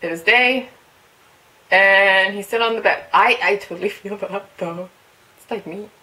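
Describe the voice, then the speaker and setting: Woman, non-native english speaker, casual reaction host, excitable, thinks out loud, medium pitch. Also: measured pace, low-quality recording. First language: not English. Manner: excitable, squeals and laughs, thinks aloud.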